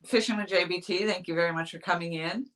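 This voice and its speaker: A woman's voice: on the low side, steady tone, fairly quick, fairly bright tone. A woman from New Hampshire chatting casually on a live stream as a fishing vlogger, rambling and laughing often as she reads the chat.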